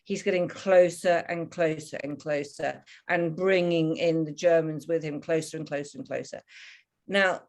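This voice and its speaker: Woman author telling a vivid story. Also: on the low side. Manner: animated, vivid narrative storytelling. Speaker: author and historian, guest. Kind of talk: storytelling in an interview.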